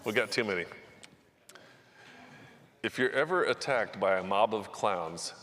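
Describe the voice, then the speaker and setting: A man's voice: on the low side, expressive, measured pace, a bit bright. A man hosting a live charity event, telling jokes in a loose, chuckling way. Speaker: event host.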